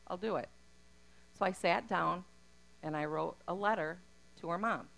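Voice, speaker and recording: A woman's voice: lowish voice, normal speed, gravelly, a bit bright, rough recording. A middle-aged woman telling her personal faith testimony in an earnest, heartfelt way. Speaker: speaker giving a testimony.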